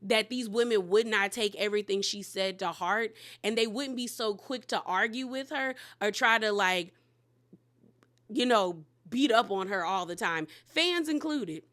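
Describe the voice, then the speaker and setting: Bright-voiced woman giving blunt commentary. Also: medium pitch, unhurried. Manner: candid, slangy, emphatic. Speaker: reality TV recap host. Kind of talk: casual commentary.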